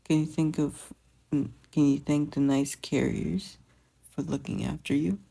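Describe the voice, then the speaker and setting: A fan fiction reader voicing a gentle, doting teenage older brother who talks in a soft, coaxing way. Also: mid-range voice, level tone, measured pace, gravelly, slightly rough. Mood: tender. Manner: soft, coaxing, tender teasing. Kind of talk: fan fiction audiobook reading.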